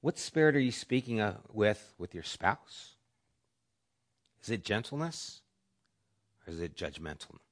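Low-voiced man preaching a sermon. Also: sing-song, measured pace, long pauses. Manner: varies volume, dropping to soft whispers for emphasis. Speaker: pastor.

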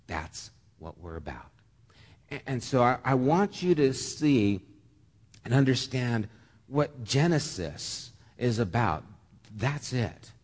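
Earnest pastor preaching in a reverberant hall. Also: male voice, fairly low pitch. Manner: earnest, repeats words when stammering, gets emotional. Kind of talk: sermon. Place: church sanctuary. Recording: long reverb of a church hall.

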